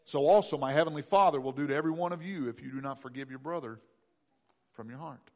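Speaking fast in a fairly high voice, a male pastor delivers an emphatic sermon. Key phrases recur throughout, and his volume swings from loud to hushed.

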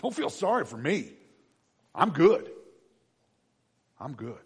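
Husky-voiced pastor preaching in a hall. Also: male voice, fairly high pitch, very animated, slow. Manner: dramatic, swings from hushed to shouting. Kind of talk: sermon. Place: church. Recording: long reverb of a large hall.

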